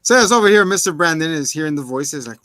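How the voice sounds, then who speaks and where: A man's voice: a little high, lively intonation, fast talker, bright, forceful tone, no echo, soft background music. A man co-hosting a casual movie review podcast, animatedly acting out scenes in little voices. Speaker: podcast co-host.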